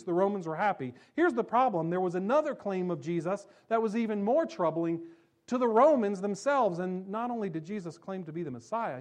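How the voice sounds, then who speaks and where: Man preaching, emphatic, fairly high voice, slows for key words, soft low quotes. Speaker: pastor. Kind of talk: sermon.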